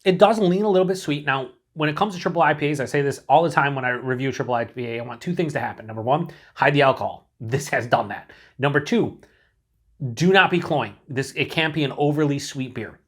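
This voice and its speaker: A man's voice: on the high side, a little fast, a bit bright. A man casually reviewing a beer on his own channel, rambling and mocking himself, with some swearing.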